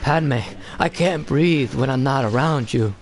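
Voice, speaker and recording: A man imitating an anguished, lovesick young male Jedi in a halting, pleading way. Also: medium pitch, a little hiss or hum, lightly acted.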